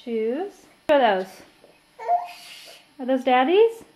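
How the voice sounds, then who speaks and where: A woman's voice: sits high, sing-song, slow pace, a little mellow. A woman talking to her toddler in a home video, with playful, sing-song, coaxing baby talk. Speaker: mother filming her toddler.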